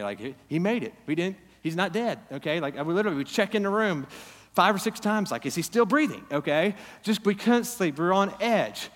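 A pastor in his thirties preaches in a church hall, impassioned, surging to loud, emphatic peaks and then dropping into quiet, low asides. The hall adds a long reverb to the recording.

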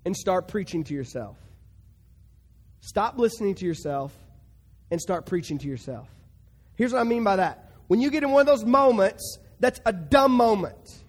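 High-voiced preacher with hall reverb. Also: male voice. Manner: emphatic, swings from hushed to loud bursts. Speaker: pastor. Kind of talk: sermon.

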